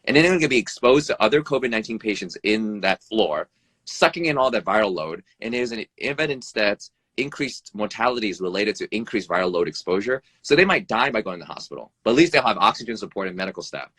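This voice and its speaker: A man who is an emergency room doctor rattles off blunt advice at speed, with a bright, slightly husky voice. He swears freely and keeps asking "right?", and his pitch swings up and down. The sound is dry and close, like a phone on a live video call. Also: no room sound. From United States. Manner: animated, pitch jumps up and down. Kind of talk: interview over a live video stream. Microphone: phone or video call mic.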